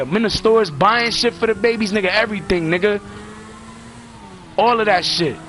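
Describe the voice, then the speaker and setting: A man's voice: sits high, fairly bright tone. A man delivering a blunt, profanity-heavy rant full of street slang, lecturing his listeners. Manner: blunt, heated, preachy, heavy swearing and slang. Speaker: father ranting on a vlog.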